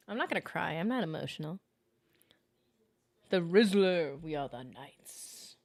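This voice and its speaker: A young adult woman hosting a casual gaming livestream, chatty and excitable, reading chat aloud and reacting. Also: fairly low pitch, a little slow, vocal fry, long pauses. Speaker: livestream host.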